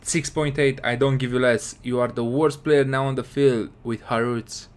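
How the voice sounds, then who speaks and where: A man with casually commentating his football game, excitable and scolding his players. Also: mid-range voice, moderate pace. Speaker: gaming commentator.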